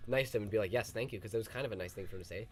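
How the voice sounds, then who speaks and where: A man's voice: on the low side, racing, a loud crowd. A young man, born in Ukraine, telling stories in a casual podcast chat, acting out the people he quotes. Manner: animated, acts out quoted voices. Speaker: podcast co-host.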